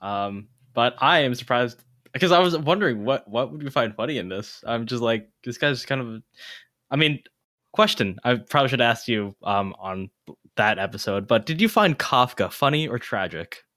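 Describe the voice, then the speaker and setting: A man co-hosting a casual book discussion podcast, low-key and laid-back in his delivery. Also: expressive, normal speed, sharp tone, no room sound, studio quality. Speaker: podcast co-host.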